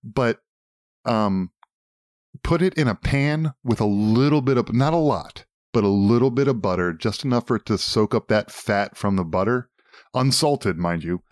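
A man's voice: on the low side, lively intonation, moderate pace, dry recording, clean studio sound. A man co-hosting a casual talk show, rambling, swearing and enthusiastic. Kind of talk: casual chat.

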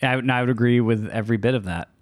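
A man's voice: medium pitch, racing, no echo. Wry man with a dry, close sound. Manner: wry, listing facts with fillers. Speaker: podcast co-host. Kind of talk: casual movie review chat.

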